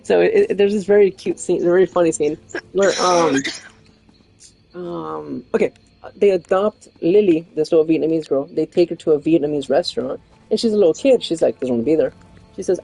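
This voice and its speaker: Chatty woman streamer, husky voice. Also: on the low side, fairly quick, mellow, dry recording, soft background music. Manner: chatty, rambling, laughs often. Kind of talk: casual chat while gaming.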